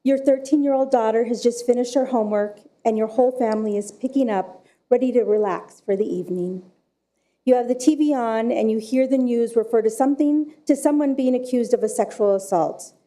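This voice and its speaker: A woman, a director of forensic services, giving prepared public comment at a council meeting in a slow, measured storytelling delivery. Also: on the high side, warm tone.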